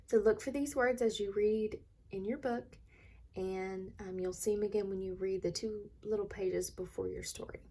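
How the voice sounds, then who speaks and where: Speaking in a steady, warm, medium-pitched voice, a young woman teaches young students reading in a recorded lesson, carefully sounding out words and working through worksheet answers at a slow pace.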